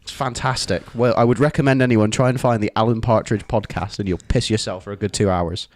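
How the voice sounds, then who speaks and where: A man's voice: fairly low pitch, steady tone, a little fast. A man co-hosting a podcast, teasing and mocking the others in casual banter and swearing. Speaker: podcast co-host.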